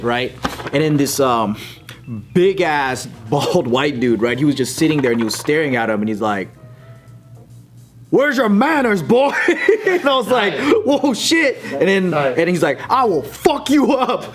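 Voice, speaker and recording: A man in casual panel chat, telling an excited story with laughter and swearing. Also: mid-range voice. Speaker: panel commentator.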